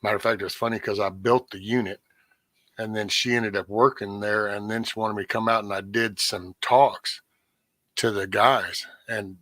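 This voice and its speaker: A man's voice: on the low side, normal speed, dry recording. A man hosting a casual talk, telling a story with energy, acting out other voices and swearing freely. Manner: animated storyteller, acts out quoted voices, swears. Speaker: podcast host.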